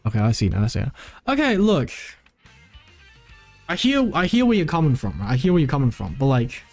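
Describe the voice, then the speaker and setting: A man's voice: mid-range voice, big pitch swings, fairly quick, a little mellow. Rambling male streamer, faint music behind. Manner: rambling, full of "like" and self-corrections. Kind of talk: casual live-stream chat.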